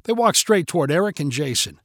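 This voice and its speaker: Steady man narrating a story, dry. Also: a little high, no echo. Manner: steady, measured reading.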